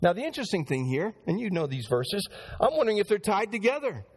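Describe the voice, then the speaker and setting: A man's voice: high voice, sing-song, fast, slightly rough. A male pastor preaching a sermon in church, speaking straight to the congregation and acting out the voices he quotes.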